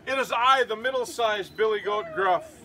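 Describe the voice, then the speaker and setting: A man's voice: sits high, moderate pace, sharp tone, a little hiss or hum. A man voicing the middle-sized billy goat, a nervous male goat pleading not to be eaten.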